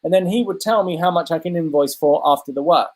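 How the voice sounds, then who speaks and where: A man's voice: a little high, fast talker, darkish tone. A middle-aged man speaks as an interview guest. He tells his own story earnestly and confessionally, stringing his thoughts into long run-on sentences. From United Kingdom. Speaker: interview guest, transformational coach.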